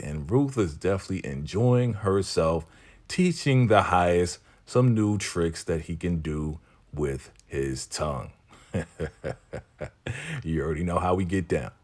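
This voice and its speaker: A man's voice: deep voice, a little mellow. A man hosting a casual, chatty episode recap, amused and talking straight to his viewers.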